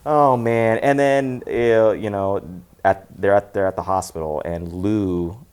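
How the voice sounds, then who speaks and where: A man's voice: on the low side, fairly even intonation, unhurried, darkish tone, clear, resonant tone. A man co-hosting a talk show, casually recapping a film's plot with frequent restarts and laughter. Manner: rambling, restarts, laughs often. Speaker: podcast co-host. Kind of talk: casual movie recap chat.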